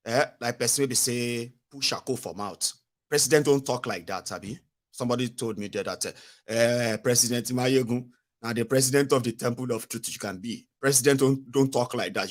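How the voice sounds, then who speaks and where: A Nigerian man hosting political commentary in a casual, animated way, mixing Pidgin into his English. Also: medium pitch. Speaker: radio and online commentary host.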